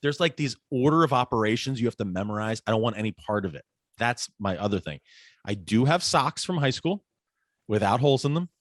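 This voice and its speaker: A man in his forties, a podcast guest, chatting casually and telling animated stories that act out the people in them. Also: mid-range voice, fairly quick, no room sound, clean studio sound. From United States. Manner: animated storyteller, acts out quoted voices. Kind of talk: casual interview conversation.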